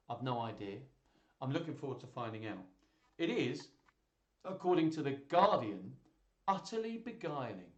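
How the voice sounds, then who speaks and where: A man's voice: mid-range voice, roomy sound. A man hosting a live children's joke stream, chatting casually and laughing as he reads jokes aloud.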